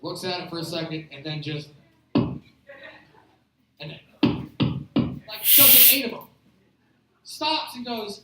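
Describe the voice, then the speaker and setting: A man's voice: high voice, big pitch swings, slow pace, long pauses, heavy background noise. A man doing a stand-up comedy set, telling rambling, profane stories at a live show. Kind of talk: stand-up storytelling. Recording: echoey room picked up from a distance.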